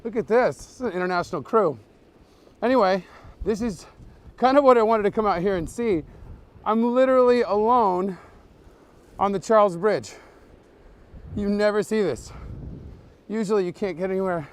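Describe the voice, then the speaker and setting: A man acts as a comedy tour guide on a live-streamed night walk outdoors, filmed on a handheld phone, deadpanning absurd fake facts and greeting viewers as he strolls. His voice is high-pitched and smooth, at a moderate pace with long pauses.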